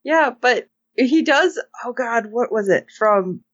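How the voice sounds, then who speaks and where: Animated woman recapping with voices. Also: a little high, slow, no echo, highs cut off. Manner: animated, acts out characters' lines with voices. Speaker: podcast co-host. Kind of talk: casual recap chat.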